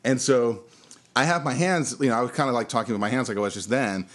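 A man's voice: mid-range voice, quick pace, a bit bright. A man, a bartender and podcast co-host, telling a story in a candid, profane, casual way. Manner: candid, profane, laughing now and then.

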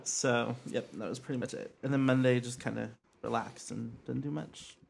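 A man's voice: mid-range voice, steady tone, normal speed, vocal fry, a little hiss or hum. A man co-hosting a casual podcast, speaking in a laid-back way and chuckling now and then. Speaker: podcast co-host. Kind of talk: casual chat.

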